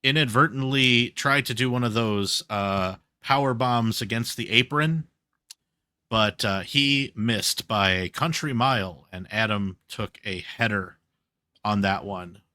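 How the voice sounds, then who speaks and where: A man co-hosting a podcast, chatting casually and telling stories in an animated way. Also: fairly low pitch, measured pace, dry recording, studio quality. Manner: animated storytelling, recapping wrestling events. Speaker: podcast co-host. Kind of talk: casual chat.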